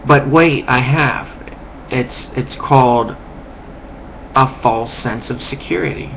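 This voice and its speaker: A man's voice: mid-range voice, takes it slowly, creaky, fairly bright tone. A man in a rambling, contemptuous rant to camera, full of restarts and swearing. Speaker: vlogger. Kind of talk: ranting monologue. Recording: dull lo-fi recording with faint hiss.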